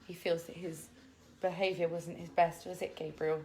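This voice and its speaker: Faint music plays behind a woman from England as she hosts a casual live Q&A at home with family, reading viewer comments aloud into a handheld phone. Her voice sits on the low side, a little mellow, with a flat delivery at a moderate pace.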